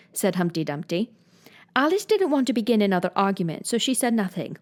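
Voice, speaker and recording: A woman narrating a children's classic as an audiobook, in a gentle, even storytelling manner. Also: mid-range voice, brisk.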